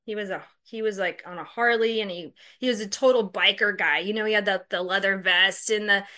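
A woman's voice: medium pitch, steady tone, fairly quick, sharp tone. A woman casually telling a personal story, candid, profane and self-mocking, chatty with lots of fillers.

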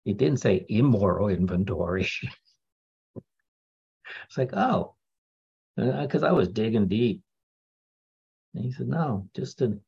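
Gravelly, husky man telling his story. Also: on the low side, mellow, dull audio. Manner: candid, wry storytelling with laughs. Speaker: speaker sharing a recovery story. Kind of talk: personal testimony talk.

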